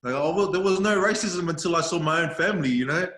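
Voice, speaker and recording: Slightly high and speaking quickly, a man with an Australian accent guests on a podcast, where he works as a video creator. The chat is easygoing, full of laughter, storytelling, and lively impressions of what others said, captured in an echoey room.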